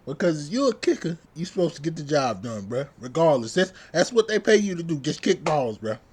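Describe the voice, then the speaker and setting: A young man with a fairly high voice rants to camera as a sports vlogger, fired up and repetitive. His talk is loose, heated and full of slang fillers. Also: big pitch swings, a little fast, a little mellow, a little hiss or hum. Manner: heated, repetitive, says bruh constantly. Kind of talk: casual fan rant.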